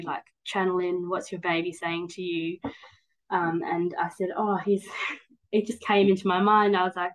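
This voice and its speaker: A woman's voice: fairly low pitch, a bit bright, low-quality recording. A woman, talking candidly and at length as a podcast guest, with many "like"s and "um"s. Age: 30s. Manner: candid, rambling, frequent "like" and "um". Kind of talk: casual interview chat.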